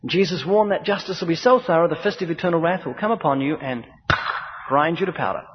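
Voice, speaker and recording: A man's voice: a little high, quick pace. A man preaching a sermon in an emphatic, rhythmic style, building points through repetition and acted-out dialogue. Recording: dull recording with long hall reverb.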